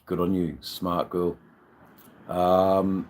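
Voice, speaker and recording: Australian male streamer, slightly drunk, slow and rambling, swears freely, deep voice. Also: darkish tone, slightly rough. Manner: rambling, swearing, answering chat comments. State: a bit tipsy. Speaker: livestream host. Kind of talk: casual live-stream chat with viewers.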